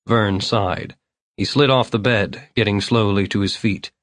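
Male audiobook narrator, measured delivery, dry studio sound. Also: on the low side, fairly even intonation, fairly bright tone, no room sound.

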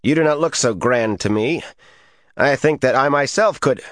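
A man's voice: medium pitch, moderate pace, fairly bright tone, dry recording, clean studio sound, pitched above the performer's own voice, close to an everyday voice. A man voicing a sneering, arrogant male recruit who demands answers in an insolent tone. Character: sneering arrogant male recruit, just short of middle age.

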